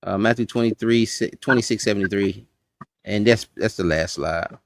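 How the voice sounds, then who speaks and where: Talking straight to his class in a folksy way and saying "y'all," a man leads a casual Bible study. His voice is on the low side and gravelly, delivered at a moderate pace with no echo, captured on a streaming setup.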